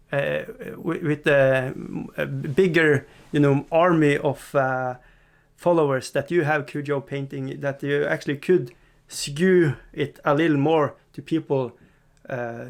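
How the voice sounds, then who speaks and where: Giggly hobby host with a gravelly voice. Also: male voice, fairly high pitch. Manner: self-deprecating, laughs often, hesitant restarts. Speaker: miniature painting channel host. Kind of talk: rambling casual chat. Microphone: desk mic in front of green screen.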